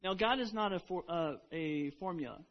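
A man's voice: high-pitched, normal speed. A man preaching a sermon in a church, earnest and often restarting his sentences. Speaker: pastor. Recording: dull lo-fi recording.

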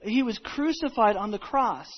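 Husky woman telling a Bible story dramatically. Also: fairly high pitch, expressive. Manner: halting, with repeated words and restarts; dramatic swings between hushed and loud. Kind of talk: first-person biblical storytelling as a disciple. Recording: dull lo-fi recording.

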